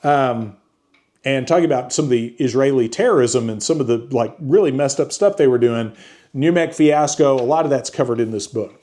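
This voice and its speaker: Mellow-voiced man reviewing a book. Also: mid-range voice. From United States. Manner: halting, many restarts and fillers. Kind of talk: casual book review chat.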